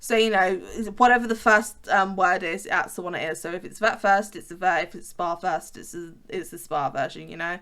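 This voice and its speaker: A woman's voice: lowish voice, brisk, few pauses, a bit bright. A woman in her twenties from the West Midlands of England with a fairly posh English accent, chatting casually and rambling with lots of ums while narrating her gameplay. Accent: English, fairly posh southern-leaning. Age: 20s. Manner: rambling, frequent ums and restarts, chatty asides. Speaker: gaming YouTuber. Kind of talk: casual chat over gameplay.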